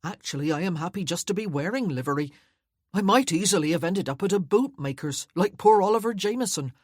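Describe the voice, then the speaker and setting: A bright, eager young footman, as a woman narrator puts him on, chattering quickly and cheerfully in a raised, lively voice. The storybook servant sounds keen and talkative, a little husky underneath. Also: sits high, dry recording, studio quality.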